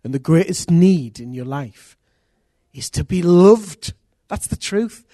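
A man preaching a sermon as pastor, earnest and intimate, with sudden loud rises. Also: on the high side, lively intonation, slow pace, no echo, clean studio sound.

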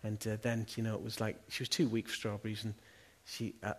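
A man's voice: lowish voice, monotone, fairly quick. A middle-aged man preaching a sermon in a church, talking earnestly and conversationally and asking his listeners question after question. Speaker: pastor.

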